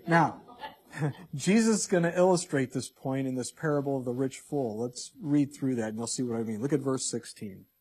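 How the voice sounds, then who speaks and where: A man's voice: medium pitch, normal speed, a little mellow, slightly rough. A man preaching a sermon, reading scripture with drama and asking the congregation questions. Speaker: pastor.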